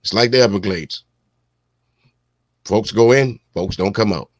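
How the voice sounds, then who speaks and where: A man's voice: lowish voice, a little slow, dry recording. A man from South Carolina co-hosting a casual talk, blunt, profane and fired up. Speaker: co-host. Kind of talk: casual commentary.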